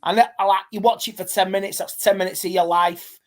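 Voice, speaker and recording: A man's voice: high voice, fairly even intonation, quick pace. A man talking as a guest fan pundit in a casual football podcast chat, rambling and stop-start, often restarting his sentences.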